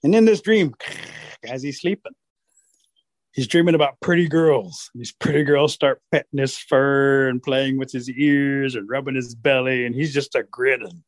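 A man who is a storyteller, telling folk tales in an animated way during an interview. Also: mid-range voice, normal speed, no room sound.

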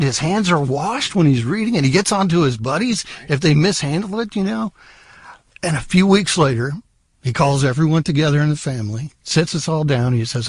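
A man's voice: a little high, husky, no echo. A middle-aged man telling a humorous personal story and acting out the voices in it. He also serves as a part-time host of the show. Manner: playful, acts out voices in his tale.

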